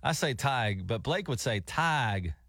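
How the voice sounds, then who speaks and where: A man from the American South with a Southern accent, co-hosting a casual talk show with easygoing quick reactions. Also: mid-range voice, animated, dry recording, clean studio sound. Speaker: co-host. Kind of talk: casual radio chat.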